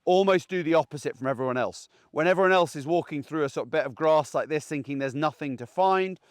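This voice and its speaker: Out in a field, a gundog trainer gives chatty, plain-spoken training advice, repeatedly checking in with "okay?". His voice is fairly high and quick-paced, recorded in studio quality with no room sound.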